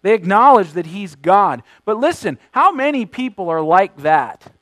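A man with a notably high voice delivers a sermon from a dry, close recording. He preaches emphatically, slowing and growing louder on the words he wants to stress, and often repeats a word before finishing a phrase. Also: sing-song, no echo, low-quality recording. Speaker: pastor.

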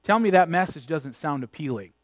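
A man's voice: a little high, animated, a little fast. A man preaching a sermon, speaking critically and building to emphatic points.

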